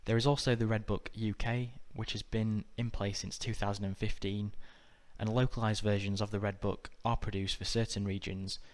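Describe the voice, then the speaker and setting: This scripted exam-prep lesson is read by a man from the United Kingdom, a tutor whose lowish voice stays measured, even and methodical throughout.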